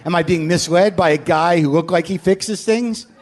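A man's voice: sits high, moderate pace. A man hosting a live comedy podcast in front of an audience, ranting in a profane, self-deprecating way. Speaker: host. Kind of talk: live stand-up podcast monologue.

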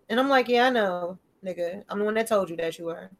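A woman with a brisk, mid-range voice chats casually on a podcast about her children. She tells slangy, profane stories with animation, acting out both sides of the dialogue in shifting voices.

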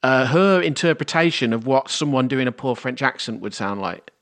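A man's voice: medium pitch, animated, moderate pace, fairly bright tone. Man explaining a film plot. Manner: explains plot at length, hedging. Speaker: podcast co-host. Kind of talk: casual film discussion.

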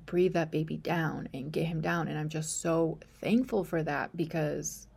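A woman's voice: deep voice, a little slow, vocal fry, background noise. A young woman podcast host telling a personal story in a chatty way, full of fillers, sometimes dropping to a whisper.

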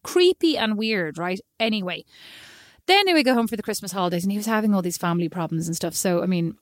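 An Irish woman telling a long, animated, self-mocking story in casual chat, often slipping into quoted voices. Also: medium pitch, fast, no echo, clean studio sound. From Ireland.

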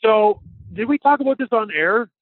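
A man with a high-pitched voice co-hosts a casual sports podcast, drifting from joke to tangent in easygoing banter. His voice comes through a thin, phone-like line with no room echo at all. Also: lively intonation, normal speed. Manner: playful, rambling banter. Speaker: podcast co-host. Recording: dry, tinny phone-like line.

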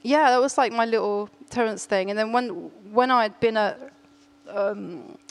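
Woman, middle-aged, casual storytelling, animated, laughing. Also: fairly high pitch, smooth. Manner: animated, laughing, quick restarts.

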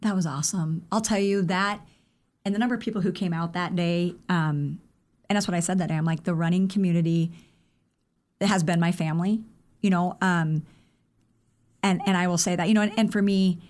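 A woman guest on a podcast, a running coach telling stories in a casual, animated way, filled with "like" and "I mean.". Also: lowish voice. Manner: animated, acts out quoted dialogue; rapid, chatty with many fillers like "like" and "I mean". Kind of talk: casual interview storytelling.

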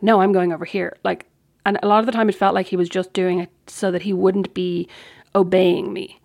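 An Irish woman tells a personal story on her podcast, chatty and candid. Her voice has a gravelly fry at the ends of phrases. She acts out the lines of the people in the story. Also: mid-range voice, darkish tone. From Ireland. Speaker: podcast host. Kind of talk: casual storytelling monologue.

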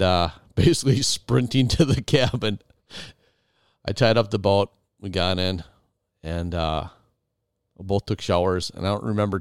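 A man's voice: low-pitched, clean tone, no echo, clean studio sound. A man hosting, animatedly retelling a dramatic story to his wife with many restarts. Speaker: podcast host.

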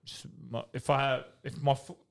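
A man's voice: medium pitch, flat delivery, normal speed, vocal fry. A man in his thirties with an Australian accent, a retired footballer chatting as a guest and telling candid, rambling stories with swearing and laughter. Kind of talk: casual podcast storytelling.

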